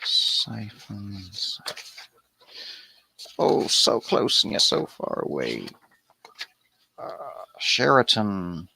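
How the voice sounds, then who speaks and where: A man's voice: fairly low pitch, huge pitch swings, extremely slow, creaky, long pauses, bright, forceful tone, slightly rough. A man hosting an improvised bible study, reading aloud and commenting in a casual, irreverent way with wandering asides.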